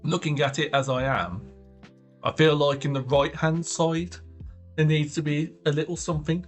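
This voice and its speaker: A man's voice: on the high side, fairly even intonation, moderate pace. A man chatting casually on a livestream while he draws, thinking aloud in loose, trailing phrases. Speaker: art streamer. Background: faint background music.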